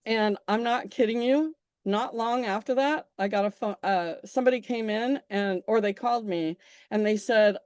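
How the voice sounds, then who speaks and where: A woman's voice: fairly high pitch, moderate pace, a little mellow, clean tone, no echo, clean studio sound. A woman presenting a small business marketing workshop, telling stories in a chatty, emphatic way, often restarting her sentences. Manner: chatty storyteller, frequent restarts and self-corrections; emphatic, coaxing. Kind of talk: informal workshop talk.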